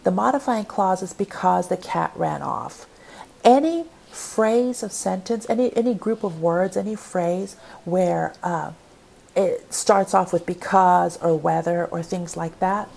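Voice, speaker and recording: A woman's voice: lowish voice, a little slow, creaky, darkish tone. A woman, a college composition instructor, giving a recorded online lecture and quizzing her students with question after question. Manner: explanatory, asks the class many questions. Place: home, recorded for online class.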